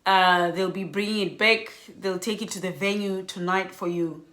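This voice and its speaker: A woman telling an emotional storytime vlog, sounding worn out and animated by turns. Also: mid-range voice, moderate pace. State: exhausted. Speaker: vlogger. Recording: echoey room.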